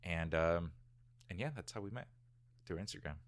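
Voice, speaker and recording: A man's voice: low-pitched, normal speed, dry recording. A young man being interviewed in his own office, laid-back and teasing with a dry humor. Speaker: guest content creator. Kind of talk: casual interview chat.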